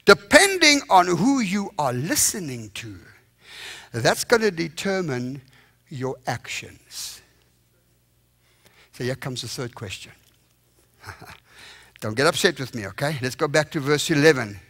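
A male evangelist preaching a revival sermon in a church, impassioned and emphatic with sudden loud bursts. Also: fairly high pitch, very animated, moderate pace.

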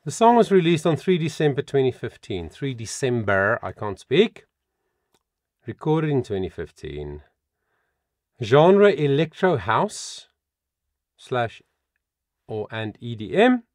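A man working as a vocal coach, reading out song facts in a reaction video and adding animated comments of his own. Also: mid-range voice, slow pace, pauses often, no room sound, studio quality. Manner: reads song facts aloud with animated asides.

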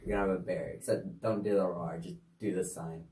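A woman's voice: a bass voice, steady tone, brisk, very noisy. A woman casually demonstrating sign language signs for a kids' lesson, chatty and easygoing with offhand asides. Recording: echoey room, distant mic.

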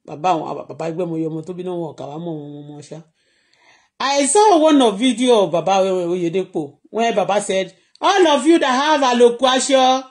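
At home in Canada, a Nigerian blogger with a Nigerian accent chats casually on a live stream, laughing often and switching freely between languages. The voice is mid-range and a little mellow.

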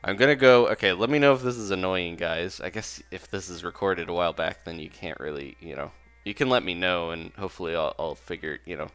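A young man with a low, fairly bright, smooth voice talks briskly as a let's play host, giving casual, rambling commentary while playing a game, laughing often and second-guessing himself.

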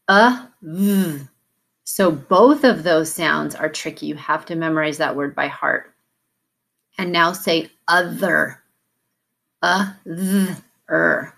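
A woman teaching a phonics lesson for children, sounding out words slowly and carefully. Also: deep voice, vocal fry, a bit bright. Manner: slow, careful, over-articulated sounds.

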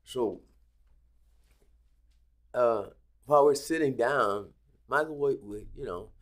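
A man's voice: mid-range voice, slow. A man telling a story as a guest in a podcast interview, acting out the lines of the people in it. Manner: animated storyteller acting out quoted dialogue. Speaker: guest, casino executive. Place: Las Vegas.

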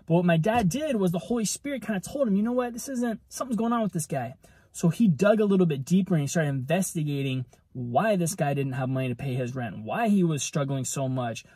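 A man's voice: sits high, a little mellow, slightly rough, no room sound. A man giving a casual devotional teaching, talking conversationally and tagging nearly every point with "right?". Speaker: ministry preacher.

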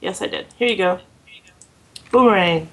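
A woman with an Oklahoman accent, chatting in a relaxed, dry way while gaming with a friend. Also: mid-range voice, normal speed, rough recording. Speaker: gamer. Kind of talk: casual let's-play chat.

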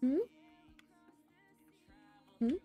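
A woman's voice: drawn-out words, dark tone, muffled recording, soft background music. A young woman in college streaming a game, chatting casually, laughing and answering viewers. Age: young adult. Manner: chatty, laughs a lot, reads chat aloud. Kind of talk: casual gaming stream chat.

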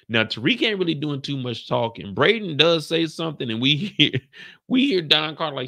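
A man's voice: mid-range voice, normal speed, gravelly. A young man hosting a casual reaction show, recapping an episode and acting out scenes in voices. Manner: animated, acts out scenes in voices.

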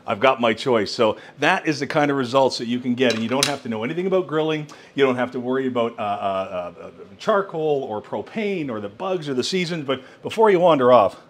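A man hosting a cooking vlog, demonstrating a kitchen appliance at home with excited exclamations and frequent laughs. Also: medium pitch, fairly quick. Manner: enthusiastic, exclamatory, laughing often. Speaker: cooking channel host. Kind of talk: product demo cooking vlog.

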